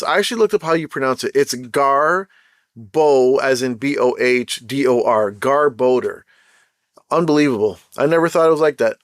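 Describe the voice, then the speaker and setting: A man with a Jamaican accent hosting his own podcast, talking in a blunt, chatty, animated way full of slang. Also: medium pitch, no room sound, studio quality. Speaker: podcast host. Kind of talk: casual solo podcast talk.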